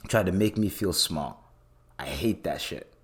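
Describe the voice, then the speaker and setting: A man in his late twenties with a fairly low voice, ranting casually on his podcast. He swears freely and tells the story with lots of energy, jumping way up in pitch when he gets heated. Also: unhurried. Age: late 20s. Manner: profane, animated, voice leaps high when worked up. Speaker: podcast host.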